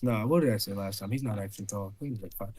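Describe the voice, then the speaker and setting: A man's voice: fairly low pitch, quick pace, mellow, a little hiss or hum. A man running a tabletop game as dungeon master, narrating loosely with laughter and swearing, and putting on character voices. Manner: loose, swearing, laughs often, slips into a rough drunk voice.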